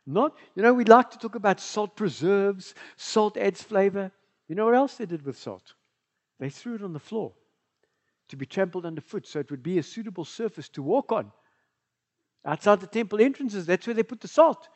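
Animated South African pastor preaching. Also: male voice, high voice, moderate pace. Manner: animated, engaging the congregation with questions. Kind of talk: bilingual sermon. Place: church.

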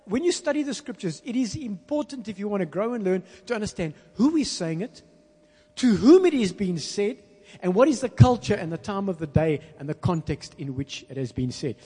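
A man preaching a sermon, stressing words slowly and calling on the congregation to repeat after him. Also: high-pitched, lively intonation, mellow, breathy edge. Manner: call-and-response with congregation; emphatic, slows down to stress words. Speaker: pastor. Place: church hall. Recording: long reverb in a large hall.

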